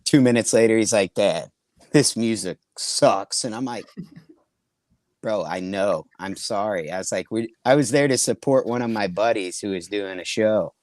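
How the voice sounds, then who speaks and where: A man's voice: lowish voice, moderate pace, a little mellow, no echo. A middle-aged man casually telling profane, rambling anecdotes on a comedy podcast, often laughing as he talks. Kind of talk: casual storytelling chat.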